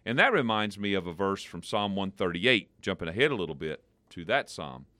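A man co-hosting a devotional podcast, explaining Bible verses in a conversational, animated way. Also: a little fast, no room sound. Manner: animated, playful, jumps in pitch for emphasis.

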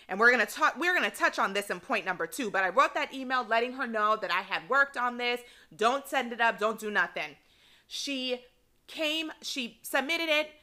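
A woman in her thirties telling a work story on a podcast in a casual, animated and indignant way, laughing now and then. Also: high voice.

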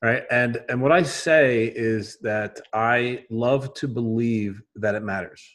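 A man from Philadelphia with a Philly accent, hosting a casual conversation in an animated, joking way. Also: medium pitch, slow.

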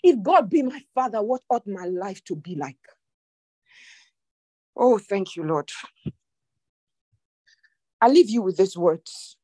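A woman preacher delivering an impassioned sermon, repeating lines for emphasis and dropping into low, slow prayer. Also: expressive, dark tone, dry recording. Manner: speaks in tongues during prayer.

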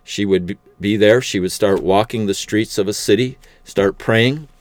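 Deep-voiced man telling a faith story. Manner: unhurried, conversational storytelling with fillers. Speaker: preacher telling a testimony. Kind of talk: personal faith testimony.

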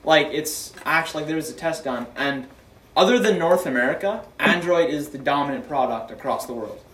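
A man's voice: on the high side, brisk, a bit bright, far from the mic, a little hiss or hum. A teenage boy in casual chat with friends, rambling through an argument with many restarts. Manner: rambling, argues phone specs with many restarts. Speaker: co-host. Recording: roomy echo, off-mic.

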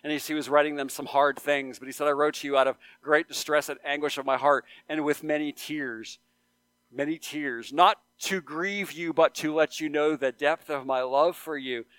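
A male pastor delivers an earnest sermon, circling back on his phrases and building to loud pleas. His voice sits a bit high and sounds smooth and resonant. The recording is close and dry. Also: fairly even intonation, normal speed, no room sound. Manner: earnest, repeats phrases for emphasis, rises to loud appeals. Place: church sanctuary.

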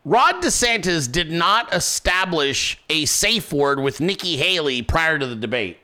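Animated, crude-talking man reacting. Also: fairly high pitch, unhurried. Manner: animated, crude, mocking, swings between mutters and loud outbursts. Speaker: political commentary streamer. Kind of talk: profane reaction commentary.

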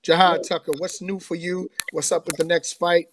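A man's voice: sits high, level tone, moderate pace, a bit bright, slight background noise. A man co-hosting, enthusiastically hyping the guest and asking questions. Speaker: co-host. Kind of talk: casual podcast interview.

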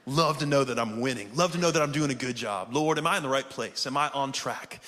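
A man's voice: mid-range voice, fast talker, hardly any pauses, a bit bright. A man preaching a sermon with fervor, calling out to his congregation and often saying "man". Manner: fervent, calls out to the congregation, often says "man". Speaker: pastor. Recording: reverberant hall sound.

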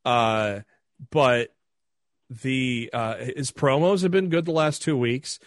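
A man's voice: mid-range voice, slow pace, no room sound, studio quality. A man co-hosting a casual podcast, rambling with many fillers in an easygoing way. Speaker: podcast co-host.

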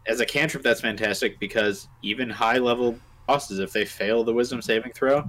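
A man co-hosting a casual tabletop game podcast, relaxed and joking, with many fillers. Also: mid-range voice, moderate pace. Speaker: podcast co-host. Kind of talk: casual chat about tabletop game spells.

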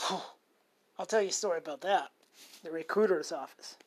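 A man's voice: high voice, fairly quick, husky. A man co-hosting a podcast, telling a long personal story in casual chat, rambling and profane with many restarts. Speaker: podcast co-host.

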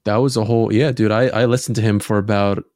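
A man with a New Jersey accent co-hosting a podcast, rambling with halting restarts in casual banter. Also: fairly low pitch, steady tone, darkish tone, dry recording, studio quality. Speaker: podcast co-host.

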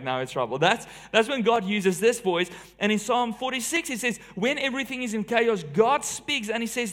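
Male preacher, high-pitched, dynamic sermon delivery, loud emphatic peaks dropping to hushed lows.

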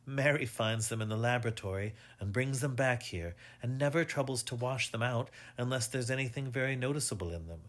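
A man voicing a calm, proud middle-aged wife who talks quietly and scolds lightly, reading from a storybook. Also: medium pitch, fairly quick, few pauses, lightly acted. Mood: scolding.

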